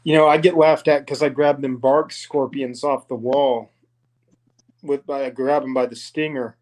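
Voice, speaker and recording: A man's voice: medium pitch, flat delivery, moderate pace, a little mellow, low-quality recording. A laid-back man chatting casually, slangy and peppering his talk with "man" and "dude". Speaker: co-host of snake live stream. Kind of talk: casual chat.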